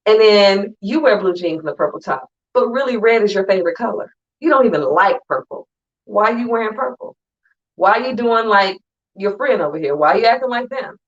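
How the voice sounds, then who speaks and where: This conference speaker, a woman with a medium-pitched voice, addresses an online audience with a conversational, emphatic motivational talk. She slips into quick asides imitating friends, and the sound is lo-fi.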